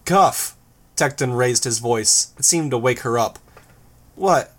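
A man reads a first-person novel aloud in an even, measured way. Plain audiobook narration. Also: mid-range voice.

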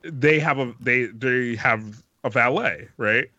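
A man co-hosting a casual podcast, talking excitably and swearing casually. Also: mid-range voice, slow, no room sound. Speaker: podcast co-host. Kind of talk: casual chat. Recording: slightly dull, lo-fi sound.

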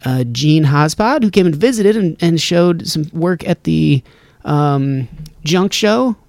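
A man's voice: fairly high pitch, expressive, takes it slowly, creaky, darkish tone, dry recording. A man hosting a solo podcast from his home studio, rambling casually and breaking off his own sentences. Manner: casual, rambling, self-interrupting. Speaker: podcast host.

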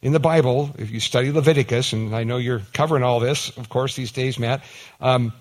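A man preaching a conversational sermon, his pitch swinging up for emphasis and down for weight. He repeats words as he builds a point and slips into short acted-out exchanges. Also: fairly even intonation, brisk. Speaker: pastor.

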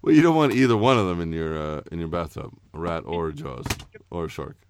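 A man's voice: low voice, expressive, a little fast, clean tone, no room sound, studio quality. A man hosting a casual movie podcast, teasing his co-host and joking, saying he is loaded. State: says he is intoxicated.

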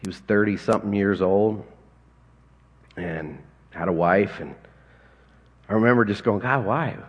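A man's voice: fairly low pitch, a little slow, breathy edge, dull audio. A man in his forties preaching a sermon in a conversational, folksy way, telling stories and chuckling now and then. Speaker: pastor. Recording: long hall reverb.

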